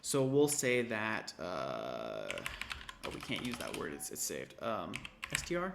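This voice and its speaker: A man's voice: on the low side, wildly swooping pitch, measured pace, creaky, noisy background. A man tutoring an intro programming class, casually thinking aloud and correcting himself as he types through a coding walkthrough. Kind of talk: screen-recorded coding walkthrough. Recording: typing and keyboard clicks behind.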